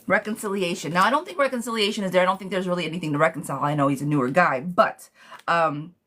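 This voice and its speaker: A tarot reader with a lowish, fairly bright voice gives a fast live reading, speaking bluntly to viewers. She swears freely while calling them sweet pet names.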